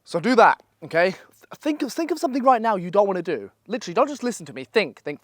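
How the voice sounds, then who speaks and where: A young man gives blunt, profane, energetic motivational advice in a casual vlog, speaking at a holiday villa. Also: sits high, rapid-fire, no echo. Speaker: online business coach.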